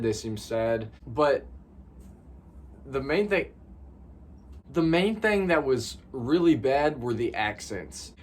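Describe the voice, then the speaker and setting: A man's voice: mid-range voice, slight background noise. A young man giving a casual, rambling movie review, often repeating words and saying "like".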